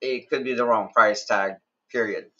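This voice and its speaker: A man's voice: medium pitch, steady tone, moderate pace, bright, forceful tone. Emphatic American man on a muffled livestream. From United States. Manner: emphatic, restarts while arguing a point. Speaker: co-host. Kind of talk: casual livestream chat.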